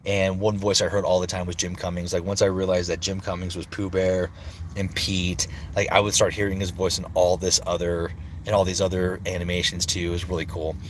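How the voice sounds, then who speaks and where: A man's voice: sits low, flat delivery, fairly quick, a little hiss or hum. A man in his thirties, a voice actor chatting casually on a livestream, rambling and swearing freely. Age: 30s. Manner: rambling, searching for words.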